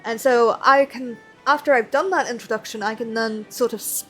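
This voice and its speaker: A woman chats casually while she streams a game, rambling from topic to topic with plenty of fillers. Her voice sits fairly high, and faint game music plays beneath it. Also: normal speed, few pauses, fairly bright tone. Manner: rambling, chatty, self-deprecating with many fillers. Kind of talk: casual chat while playing.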